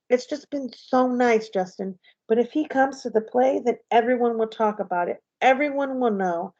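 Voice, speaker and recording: A woman's voice: on the high side, mellow, lightly acted. A woman reading aloud and voicing an upset, fragile teenage girl who is close to tears, on a slightly dull, lo-fi recording.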